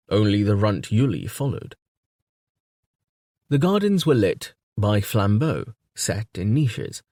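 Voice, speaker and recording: A man narrating a science-fiction audiobook in a steady, even tone. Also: fairly low pitch, dry recording, clean studio sound. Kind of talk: scripted narration.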